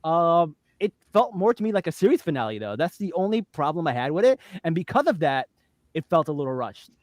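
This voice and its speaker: A woman hosting a casual podcast chat, animated and laughing often, with plenty of fillers. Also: low-pitched, a little fast, dry recording, clean studio sound. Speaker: podcast host.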